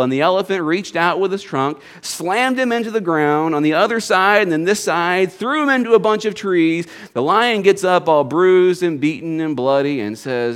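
A man's voice: on the high side, fairly quick, hardly any pauses, clear, resonant tone. A man preaching a sermon to his congregation in a folksy storytelling manner, with jokes and asides. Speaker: pastor.

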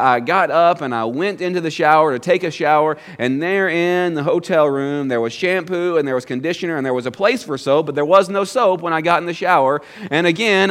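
Pastor, middle-aged man, higher voice; earnest storyteller who builds to forceful commands from the pulpit. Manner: earnest storytelling, rising to emphatic exhortation. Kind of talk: sermon.

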